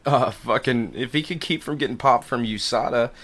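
A man's voice: mid-range voice, normal speed, a bit bright. A young adult man hosting a podcast in casual chat, rambling and laid-back, swearing now and then. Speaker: podcast host.

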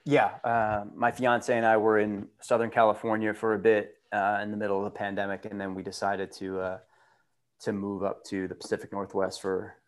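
A man from the United States speaking as a guest in a casual chat. His voice sits a little low, and he sounds easygoing and upbeat. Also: monotone, moderate pace. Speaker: podcast guest.

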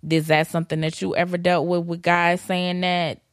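Woman cohost, kinda low voice, animated and laughy, dry close mic. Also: moderate pace, no echo. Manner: animated, laughs along, storytelling. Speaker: podcast co-host. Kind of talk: casual chat.

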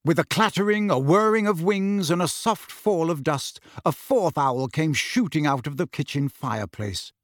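Casting: lively male narrator, higher voice, dry close sound. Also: moderate pace, hardly any pauses, no echo. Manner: expressive storytelling. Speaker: audiobook narrator. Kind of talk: scripted narration.

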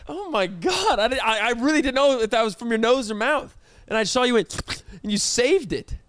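Young male co-host, ribbing voice, high and bouncy, dry sound. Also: dry recording. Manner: teasing, fast and animated. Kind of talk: casual chat.

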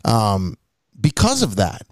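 Animated man telling stories casually. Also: lowish voice, takes it slowly, no echo. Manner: animated storyteller, swears freely. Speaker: podcast co-host. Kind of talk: casual chat, storytelling.

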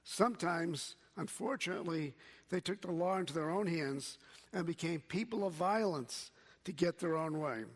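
A man preaching a sermon as pastor, slow and measured, quoting scripture. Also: a little high, in a large hall.

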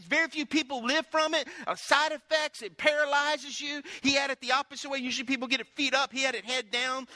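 A man's voice: very high-pitched, sharp tone, no echo. A middle-aged man preaching a sermon as pastor, telling folksy stories and calling out to his congregation.

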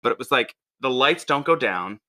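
A man co-hosting a podcast in casual chat, an animated storyteller who swings his voice up when quoting people. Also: medium pitch, normal speed. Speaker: podcast co-host.

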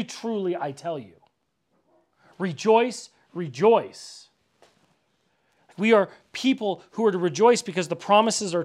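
Pastor, male, high-set voice, loose chatty sermon delivery with emphatic repeats. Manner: conversational, many "like" fillers, emphatic repetition. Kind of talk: casual sermon. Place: church gathering.

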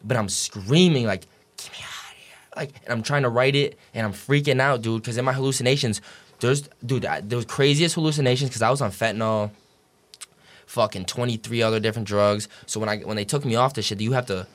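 Medium in pitch and a little fast, this young adult man is a guest on a podcast, telling his story. It comes out casual and rambling, laced with swearing and constant "like" and "dude."

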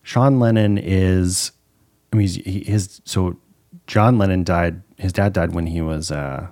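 Low-voiced man hosting, rambling. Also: darkish tone, no echo, studio quality. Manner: rambling, halting, restarts sentences. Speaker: podcast host. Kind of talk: casual chat.

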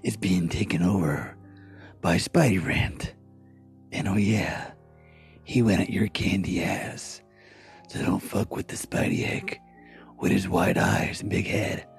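A man laughing and loudly hyping up a comedic rant. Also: low voice, animated, slow pace, vocal fry, pauses often, faint music behind. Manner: laughing, rowdy hype.

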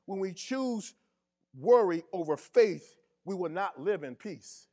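A man's voice: sits high, expressive, takes it slowly, mellow. A man preaching a sermon as pastor, repeating his key phrases and drawing responses from the congregation in casual, colloquial speech.

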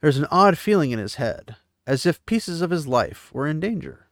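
A man's voice: fairly high pitch, sing-song, moderate pace, a bit bright, dry recording, studio quality. Man casually recapping a fantasy book. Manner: paraphrases the text, mixing reading with offhand asides. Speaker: book series recap host.

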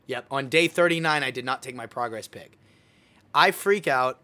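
A young man hosting a casual chat, telling a story in an animated way and acting out his own words. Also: medium pitch, moderate pace. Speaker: podcast host.

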